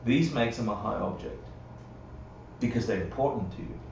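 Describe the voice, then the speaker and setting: A man's voice: lowish voice, moderate pace, creaky, a little mellow, a little hiss or hum. A man teaching a live Buddhist class in a conversational way, often checking in with his listeners and acting out quotes. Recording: roomy, dull livestream audio from a distance.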